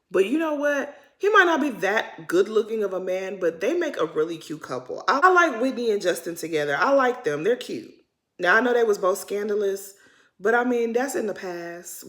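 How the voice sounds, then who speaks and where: A woman giving a casual reality-TV recap, chatty and slangy, swinging between loud emphasis and muttered asides. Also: mid-range voice. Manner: chatty, slangy and dramatic, addressing viewers as "y'all". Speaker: recap vlogger.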